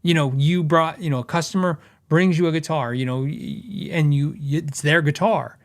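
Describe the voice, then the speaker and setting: Man, middle-aged, podcast host, fairly high voice, casual, self-correcting, chatty. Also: normal speed. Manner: conversational, self-correcting, quotes customers in asides. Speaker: guitar repair tech.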